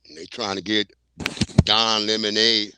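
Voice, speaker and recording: A man's voice: on the low side, steady tone, a little slow, noisy background. A man hosting a livestream, chatting casually in blunt slang while he plays clips. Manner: slangy, blunt, laid-back. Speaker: livestream host. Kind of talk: casual commentary.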